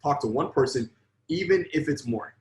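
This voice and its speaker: A man's voice: a little high, lively intonation, normal speed, reverberant, low-quality recording. A man coaching on sales in a live online lesson, blunt and emphatic, swearing freely.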